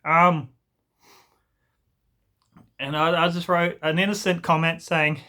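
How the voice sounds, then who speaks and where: A young man rants through a storytime vlog, rambling and swearing as his irritation spills over. His voice is bright and forceful and sits a bit high for a man. He keeps slipping into mocking impressions of the people he is complaining about. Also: level tone, slow pace. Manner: exasperated, rambling, swears freely, mocks others in put-on voices. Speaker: vlogger. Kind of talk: ranting storytime monologue.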